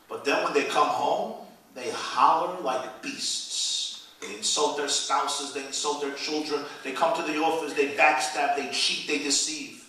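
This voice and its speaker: A man, a rabbi, giving an animated inspirational speech with storytelling, his voice rising to loud peaks. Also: a little high, measured pace. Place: event hall. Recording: echoey hall, speaker far from the mic.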